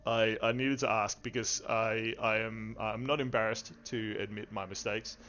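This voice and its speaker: A man's voice: lowish voice, little pitch movement, normal speed, sharp tone. Rambling game-master man. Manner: playful, rambling, welcoming. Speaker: game master and stream host. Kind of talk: livestreamed tabletop game chat. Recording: dull lo-fi stream audio.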